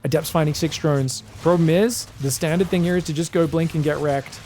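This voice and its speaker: Excitable man casting esports. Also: fairly high pitch, fairly quick, a little hiss or hum. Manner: excitable, shouting reactions to plays; chatty asides, addresses viewers as guys. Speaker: esports caster. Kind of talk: solo game commentary.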